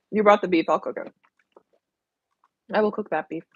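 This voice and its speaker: A woman's voice: on the low side, measured pace, breathy edge, dry recording, muffled recording. A young adult woman hosting a casual live stream from home, chatting and reading viewer comments aloud.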